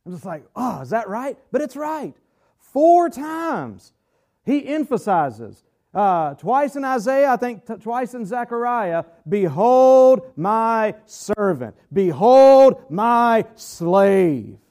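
High-voiced man teaching a Bible study. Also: very animated, darkish tone. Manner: earnest, slows down hard to stress key phrases; reads scripture aloud with measured weight. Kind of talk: sermon-style Bible teaching.

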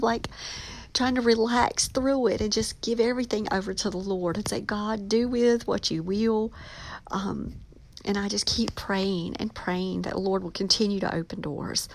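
A woman hosting her own podcast, talking in an excited, emotional way with many ums. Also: fairly high pitch, vocal fry. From North Carolina. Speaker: podcast host, author. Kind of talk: casual excited podcast chat.

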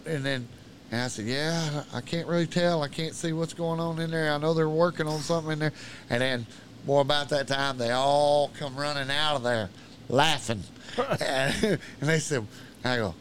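A man's voice: on the high side, normal speed, a bit bright, slight background noise. A man telling a long, profane story in casual podcast talk. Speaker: podcast guest.

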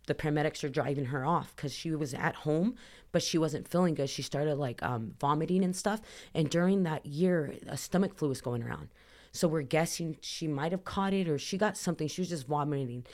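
A woman's voice: sits low, brisk, a little mellow. Woman, podcast guest; earnest, rambling storyteller who leans on "like" fillers. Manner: earnest, emotional retelling. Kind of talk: personal storytelling in a podcast interview.

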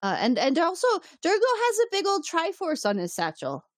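A woman's voice: very high voice, huge pitch swings, moderate pace, no echo, studio quality. A woman co-hosting a podcast, recapping an episode in casual chat, sarcastic and swearing, often laughing.

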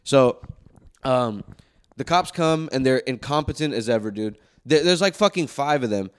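A young man, a podcast co-host, telling a story in casual chat, profane and animated, acting out the quotes. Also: mid-range voice, moderate pace, clear, resonant tone.

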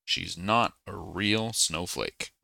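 A man voicing a mean, bossy male snowflake in a storybook, loud and sneering. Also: deep voice, slow, gravelly, no room sound, exaggerated voice.

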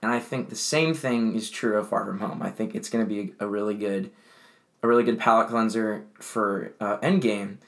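A young man co-hosting a casual podcast, rambling and animated with frequent laughs and restarts. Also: lowish voice, moderate pace, creaky. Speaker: podcast co-host. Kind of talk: casual chat.

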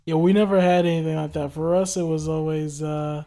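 A man's voice: fairly high pitch, steady tone, a little fast, hardly any pauses, warm tone. Laid-back joking New York man. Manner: laid-back, joking, loose storytelling with fillers. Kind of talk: casual chat.

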